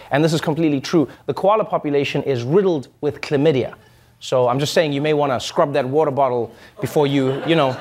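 A man hosting a comedy news show, delivering a satirical monologue with punchy jokes and quick asides. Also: medium pitch, slight background noise. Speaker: host.

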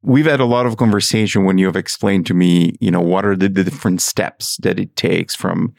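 Gravelly middle-aged podcast host. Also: male voice, low-pitched, fairly even intonation, fairly quick, darkish tone, no echo, clean studio sound. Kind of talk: interview questions.

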